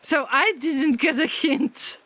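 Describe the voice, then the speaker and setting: A woman's voice: high voice, takes it slowly, a bit bright. A woman streaming a survival game in casual chat, reacting aloud, laughing often and mooing at the cows. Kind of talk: casual live-stream commentary.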